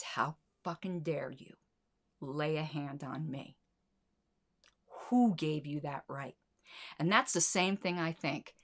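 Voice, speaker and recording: A woman's voice: low-pitched, a bit bright. A middle-aged woman hosting a solo commentary show, talking in an indignant, sarcastic way and swearing freely. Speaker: podcast host.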